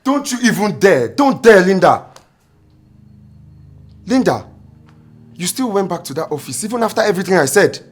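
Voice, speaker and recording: A man's voice: sits high, animated, fast, slight background noise. A man playing a jealous, accusing Nigerian husband. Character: jealous, distrustful young husband.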